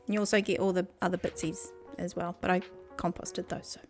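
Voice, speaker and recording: A woman's voice: on the low side, level tone, a little fast, faint music behind. Giggly New Zealand woman streaming. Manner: giggly, chatty, talks to chat. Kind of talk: casual gaming stream chat. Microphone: desk microphone.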